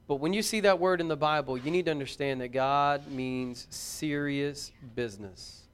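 A man preaching a sermon in a church, reading scripture and building to loud, fervent intensity. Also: on the high side, normal speed, clean tone. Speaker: pastor.

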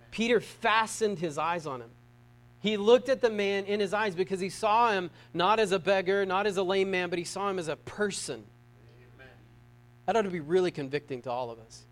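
A middle-aged man with a high voice preaches a sermon. He keeps it conversational and joking, often asking the congregation questions. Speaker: pastor.

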